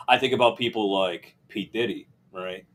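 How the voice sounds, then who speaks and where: A man's voice: on the low side, normal speed, fairly bright tone. Profane laughing male podcast host. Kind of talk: casual podcast chat.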